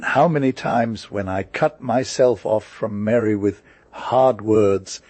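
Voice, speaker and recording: A man voicing a grief-stricken, remorseful older stepmother in an audiobook, in a low, dry voice. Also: slow, darkish tone, dry recording. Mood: tearful. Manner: emotional, pleading. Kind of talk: audiobook character reading.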